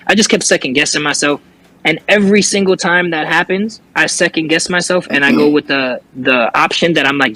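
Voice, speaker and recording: A man's voice: fairly high pitch, fairly quick, sharp tone, rough recording. A young man, a rapper telling a story as an interview guest in casual chat, cursing often and restarting his sentences. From New York.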